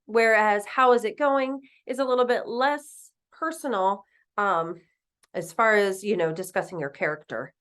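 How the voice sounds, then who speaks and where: A woman teaching a recorded French lesson, patiently explaining and repeating phrases slowly. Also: medium pitch, fairly bright tone.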